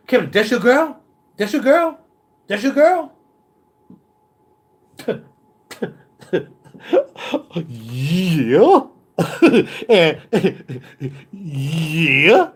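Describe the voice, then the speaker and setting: Boastful streetwise man talking. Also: high-pitched. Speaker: vlogger. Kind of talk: casual monologue. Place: home recording studio.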